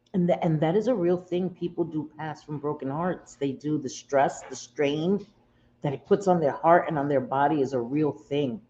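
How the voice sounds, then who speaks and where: A woman's voice: low voice, warm tone. A woman hosting a casual livestream from home, talking emotionally and confidingly with viewers, close to tears and often repeating herself. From United States. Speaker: livestream host. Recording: dull lo-fi audio with faint room noise.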